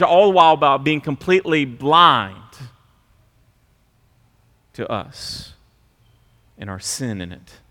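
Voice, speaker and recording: Brief: male pastor, middle-aged, sermon; lightly raised pitch, swings from quiet asides to loud mock voices. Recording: long hall reverb.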